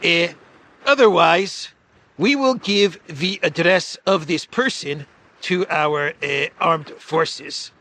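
A man putting on a mock impression of a foreign leader, halting and dotted with "eh" fillers as he makes threats. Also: a little high, bright, forceful tone, heavily acted. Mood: threatening. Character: mock Ukrainian leader, male adult, blustering threats.

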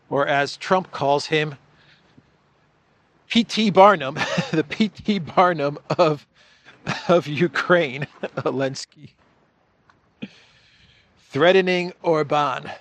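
A man's voice: fairly high pitch, fairly bright tone, dry recording. A man giving political news commentary in a mocking tone, laughing at the people he covers.

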